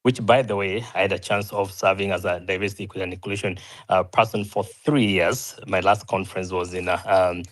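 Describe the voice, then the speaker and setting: A man's voice: low voice, steady tone, a little fast. A man moderating a panel debate, politely interjecting to clarify points.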